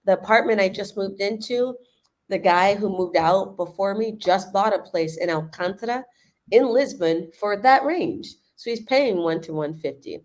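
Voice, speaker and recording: A woman living in Lisbon, giving casual, animated explanations on a livestream and laughing often. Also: mid-range voice, normal speed. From United States.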